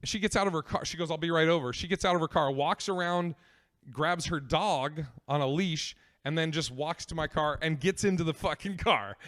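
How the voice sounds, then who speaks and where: A man's voice: on the high side, normal speed, fairly bright tone, no echo, clean studio sound. A young man hosting a podcast, telling a story in a rambling, profane way with lots of fillers. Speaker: podcast host. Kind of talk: comedic storytelling.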